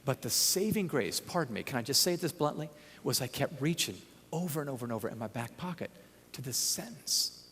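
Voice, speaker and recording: A man speaking at a conference who tells a story in an animated, humorous way. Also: mid-range voice. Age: young adult. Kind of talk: storytelling talk. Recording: long hall reverb.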